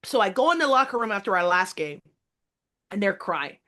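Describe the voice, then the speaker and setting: A woman's voice: medium pitch, very animated, a little fast, bright, forceful tone. A woman basketball coach being interviewed, telling her story emphatically and often quoting her own past words.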